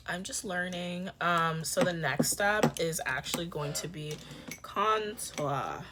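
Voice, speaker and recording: A young woman chatting casually through a makeup tutorial, joking with her viewers and dropping into soft whispers now and then. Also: fairly low pitch, takes it slowly, heavy background noise. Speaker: beauty vlogger.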